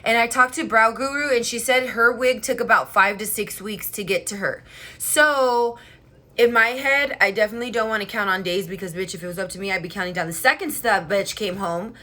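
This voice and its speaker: Excitable young woman, bright voice. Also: medium pitch, a little fast. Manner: excitable, swears a lot, animated storytelling. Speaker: vlogger. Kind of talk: casual chat. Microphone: headphone mic.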